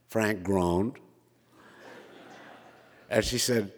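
A man's voice: fairly low pitch, measured pace, long pauses. An older man from Minnesota telling a self-mocking personal story, chatty with frequent fillers. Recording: reverberant hall.

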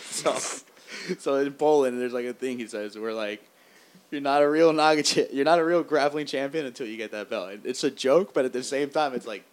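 A man in casual chat, telling animated stories, laughing often and swearing as he acts out quoted lines. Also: medium pitch, smooth.

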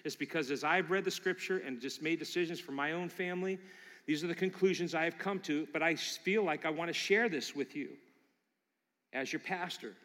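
A middle-aged man preaching as a pastor, telling personal stories in an animated way and acting out the voices in his anecdotes. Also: a little high, normal speed. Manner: animated, acts out quotes in character voices. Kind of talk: sermon with personal storytelling. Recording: long reverb of a large hall.

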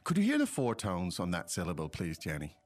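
A man's voice: sits low, huge pitch swings, a little fast. A man who is a native English speaker, hosting a language podcast and explaining phrases in a casual, chatty way. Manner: chatty, explanatory, prompts co-host. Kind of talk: casual teaching chat.

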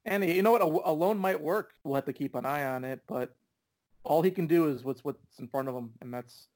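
A man's voice: on the high side, fairly quick, darkish tone. A young man co-hosting a soccer podcast, agreeable and easygoing, talking with lots of "you know"s. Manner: easygoing, agreeable, many fillers. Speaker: podcast co-host. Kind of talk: casual soccer chat.

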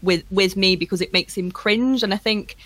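A lively woman talks candidly in casual podcast chat and swears in passing. Her voice sounds dry and close. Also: mid-range voice, normal speed, no echo.

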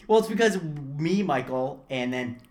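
A young man co-hosting a podcast in casual chat. He rambles, restarts his sentences and gets animated when a story takes off. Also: a little high, measured pace. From Florida. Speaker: podcast co-host.

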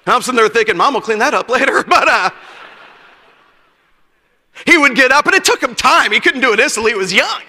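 A man preaching a sermon at a youth conference, telling a personal story with bursts of shouting at the climaxes. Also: very high voice, lively intonation, fairly quick, long pauses. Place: church auditorium. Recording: long reverb of a church hall.

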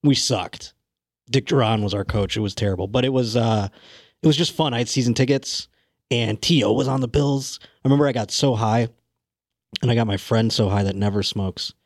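A man's voice: mid-range voice, a little fast, no room sound, studio quality. A man as a podcast guest, telling a rambling, laid-back story with casual swearing. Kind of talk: casual comedy podcast chat.

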